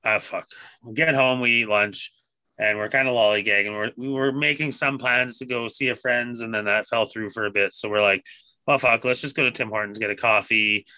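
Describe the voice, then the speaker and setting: A man on a podcast telling a story casually, swearing constantly and animated in his retelling. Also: mid-range voice, fairly quick, no echo. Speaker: podcast co-host.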